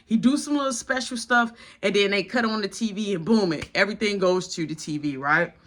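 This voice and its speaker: Animated man telling a storytime. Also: high voice, fairly quick. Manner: animated, slangy, dramatic retelling. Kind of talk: casual storytime.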